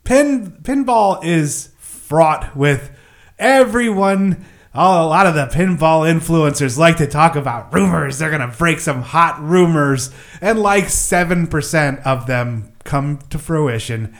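A man's voice: fairly high pitch, expressive, slow pace. A man hosting a casual podcast, rambling and self-mocking, laughing often. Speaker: podcast host. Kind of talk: casual chat.

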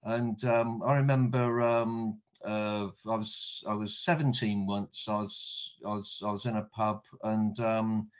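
A man's voice: lowish voice, little pitch movement, measured pace, hardly any pauses. A middle-aged British man telling anecdotes in casual chat. He rambles, repeats his words a lot and swears a little. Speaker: guest. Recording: dull lo-fi recording.

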